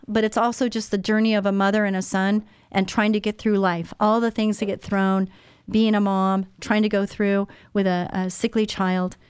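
A woman in her sixties hosts a Christian radio talk show, speaking in an earnest, personal way straight to her listeners. Her voice sits at an ordinary pitch and comes through close and dry on a studio microphone. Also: clear, resonant tone, no echo.

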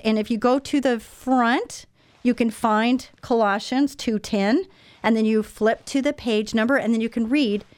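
A woman's voice: medium pitch, a little mellow, dry recording. Older lady doing christian radio talk, earnest and personal, dry close studio mic. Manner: earnest, personal, speaks straight to listeners. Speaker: radio show host. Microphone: studio microphone.

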